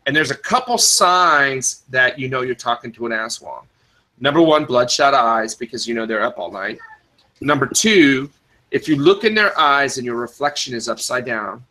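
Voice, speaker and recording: A man's voice: mid-range voice, animated, moderate pace, sharp tone, rough recording. A man hosting a podcast in casual talk, rambling with many restarts and fillers, and stopping to answer the live chat. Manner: answers live chat, spells words in the phonetic alphabet. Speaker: podcast host.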